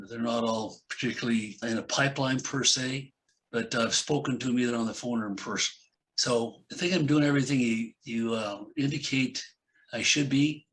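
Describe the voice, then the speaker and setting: A man's voice: medium pitch, a bit bright, rough recording. Matter-of-fact man asking the coach. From Northern Colorado. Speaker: course participant asking a question. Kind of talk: question in a live training.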